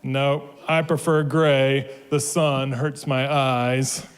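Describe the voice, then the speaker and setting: A man's voice: mid-range voice, flat delivery, takes it slowly, lightly acted. Man doing a contrary storybook squirrel. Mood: stubborn. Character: contrary, stubborn little squirrel.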